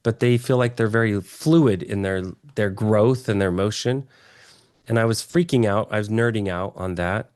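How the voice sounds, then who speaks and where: A man from Texas telling his story as an interview guest, earnest and excitable, often restarting his phrases. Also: on the low side, moderate pace, no echo, studio quality. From Texas, USA.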